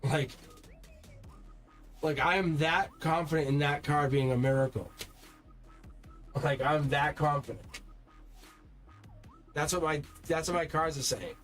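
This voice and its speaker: Male tarot streamer, fairly high voice, rambling and heated, faint music underneath. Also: measured pace, long pauses, a bit bright. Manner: talks straight to viewers, swears when heated; rambling, repeats words and restarts. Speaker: tarot reader. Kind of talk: live-stream tarot reading.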